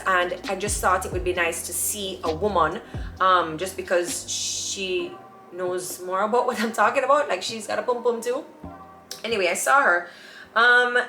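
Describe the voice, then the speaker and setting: Chatty Jamaican woman in an echoey room. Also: mid-range voice. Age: young adult. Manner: chatty, animated, acts out quoted dialogue. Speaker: vlogger. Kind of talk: casual personal storytelling. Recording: echoey room with faint music.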